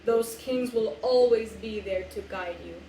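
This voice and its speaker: A woman voicing a stern, proud lion king and father, speaking slow and low. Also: dark tone, roomy sound, slight background noise, lightly acted. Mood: solemn.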